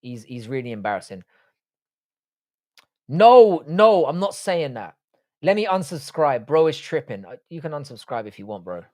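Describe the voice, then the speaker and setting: A man's voice: a little high, sing-song, moderate pace, a little mellow. A young man who grew up in the UK, hosting a live stream and reading out viewer comments in blunt, sweary casual chat. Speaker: livestream host.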